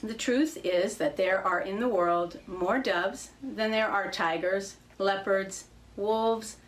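Woman reader, fable at church, measured, mid pitch. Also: poor audio. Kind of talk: storytelling.

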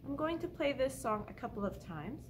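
A young woman leading a baby storytime as a children's librarian, talking in a gentle sing-song voice and singing simple songs and rhymes. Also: high voice, sing-song, brisk, noisy background. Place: indoors, room at a library. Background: light ukulele accompaniment.

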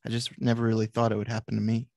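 Gruff sixties patient, flat, gravelly delivery, read by a man. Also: on the low side, dry recording, clean studio sound. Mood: shaken. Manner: blunt and crude, quick to snap.

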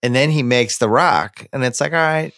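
A man in his usual speaking range hosts a casual movie podcast. He jokes and talks through stories with quick asides, keeping the chat loose. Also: medium pitch, fairly bright tone, dry recording, clean studio sound. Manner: jokey, storytelling, quick asides. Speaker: podcast host.

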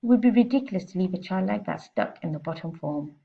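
Reading a children's picture book aloud, a woman teacher narrates in an expressive, steady way with a fairly low, gravelly voice at a fast pace, captured on a somewhat muffled lo-fi recording.

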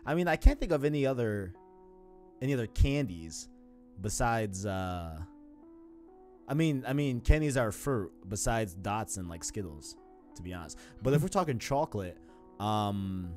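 A man's voice: on the low side, lively intonation, measured pace, darkish tone, soft background music. A man in his twenties with a faint New York accent, hosting a podcast in casual, rambling chat full of slang. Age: 20s. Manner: laid-back, slangy, rambling. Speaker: podcast host.

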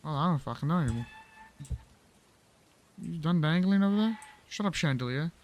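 A man narrates his own horror game playthrough in a loose, crude, profanity-heavy way. He mutters mocking asides and silly jokes to himself as he goes. His voice sits a little on the high side. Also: lively intonation, normal speed, a little mellow, a little hiss or hum. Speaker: gaming channel host.

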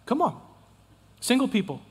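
A pastor preaching in a fairly high voice, emphatic and folksy, driving home points by repeating them. His voice carries a long reverb from the church sanctuary. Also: very animated, moderate pace, breathy edge. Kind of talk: sermon.

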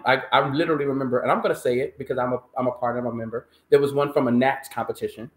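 Animated man in a roomy, echoey space. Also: medium pitch, racing, hardly any pauses. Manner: animated storyteller, emphatic. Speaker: countertenor singer, interview guest. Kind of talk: conversational interview. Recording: roomy echo.

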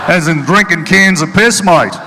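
A man's voice: high voice, normal speed, big-room sound, noisy background. A middle-aged Irishman doing live stand-up on stage, punchy and mocking as he tells his stories. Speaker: stand-up comedian. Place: stage at a charity event hall.

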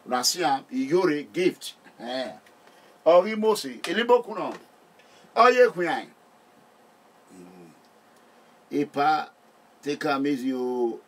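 A man's voice: on the high side, takes it slowly, long pauses. A middle-aged Nigerian man chatting casually and joking with his viewers. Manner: animated, joking, laughs often. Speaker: vlogger. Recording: voice distant from the mic.

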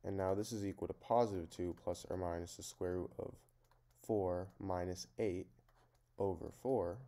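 A man's voice: deep voice, steady tone, normal speed, warm tone. A man teaching a math lesson, talking through each step in a plain, methodical way. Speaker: math tutor.

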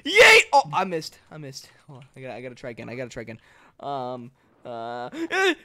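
A man hosting a live gameplay stream, excitable and joking, often yelling to his co-player. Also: mid-range voice, brisk. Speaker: streamer host.

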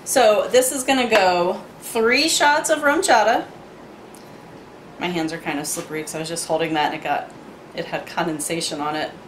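A woman's voice: lowish voice, normal speed, a little hiss or hum. Bubbly woman chatting in an echoey kitchen. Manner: bubbly, chatty, playful asides. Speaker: home cocktail vlogger. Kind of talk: casual kitchen demo chat. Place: home kitchen.

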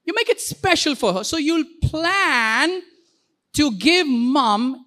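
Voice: high-pitched, animated, bright, forceful tone. A pastor delivers a sermon in a church. The voice moves up and down freely, with playful asides and frequent calls for the congregation to repeat words back. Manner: playful, quick asides and jokes.

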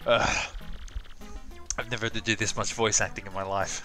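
A man's voice: on the low side, little pitch movement, moderate pace, long pauses, bright, forceful tone. Offhand, swearing game streamer man. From Australia. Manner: swearing, offhand, self-mocking. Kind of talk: casual live-stream commentary. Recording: faint game music behind.

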